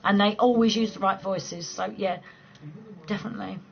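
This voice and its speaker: A gravelly, medium-pitched woman in her 40s hosts a late-night home livestream, chatting casually with viewers while swearing freely and laughing often. Her tone stays steady and her speed is normal, though the recording loses its high frequencies.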